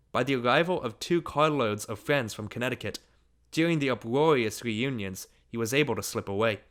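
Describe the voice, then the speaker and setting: A man reading a literary short story aloud as an audiobook narrator, in a measured, unhurried manner. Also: medium pitch, a bit bright.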